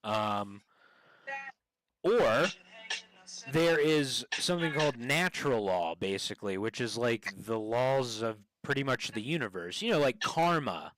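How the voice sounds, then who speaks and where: A man's voice: mid-range voice, expressive, measured pace, a bit bright, low-quality recording. A man streaming and chatting casually with strangers, rambling with many fillers and restarts. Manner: rambling, hesitant, lots of fillers. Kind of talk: casual livestream chat.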